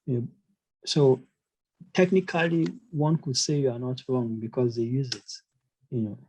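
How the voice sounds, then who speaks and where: A man's voice: medium pitch, steady tone, moderate pace, a little mellow, slightly rough, rough recording. A man teaching a casual online language lesson, hesitant, with many fillers and restarts. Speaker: German teacher.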